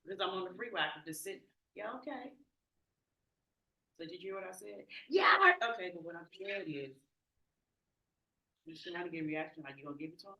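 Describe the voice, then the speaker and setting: A woman's voice: fairly low pitch, quick pace, a bit bright. A woman telling a story in a group talk, acting out both sides of a phone call. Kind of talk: casual group chat, storytelling.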